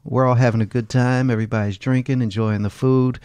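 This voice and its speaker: A man's voice: medium pitch, steady tone, fairly quick, a little mellow, clean tone, no echo. A man in casual, profane conversation, laughing his way through crude stories. His voice sits mid-range and sounds dry and close, with almost no room around it. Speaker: podcast co-host.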